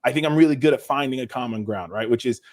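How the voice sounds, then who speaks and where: A man's voice: mid-range voice, fast, dry recording. Podcast guest, man, mid-range voice, casual and rambling, lots of restarts, dry close recording. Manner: rambling, with many restarts and "like" fillers; relaxed and self-deprecating. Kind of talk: casual interview chat.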